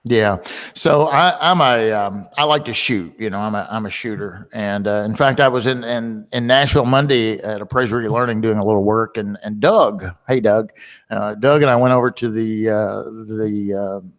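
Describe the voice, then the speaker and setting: A man's voice: fairly low pitch, moderate pace. A man hosting a webinar in a rambling, chatty way, full of filler words. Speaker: webinar host. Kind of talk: casual webinar talk. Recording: long hall reverb.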